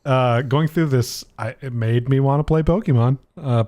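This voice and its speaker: A man's voice: medium pitch, normal speed, a little mellow. A man co-hosting a casual gaming podcast, laid-back and hesitant, with many ums and restarts. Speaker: podcast co-host.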